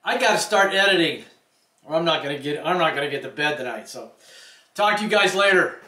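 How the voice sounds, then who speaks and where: A middle-aged man talks casually to his viewers, wandering from point to point in a friendly way. His voice sits a bit high for a man. The room around him is echoey. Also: expressive, brisk, bright, forceful tone. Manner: rambling, friendly, says you guys. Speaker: vlogger. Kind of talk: casual vlog chat.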